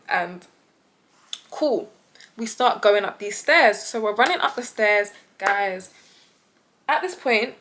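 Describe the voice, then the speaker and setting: A young woman with a British accent telling a story to her vlog audience, animated and acting out the voices of the people in it. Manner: animated, acts out quoted voices with big pitch jumps. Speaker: vlogger.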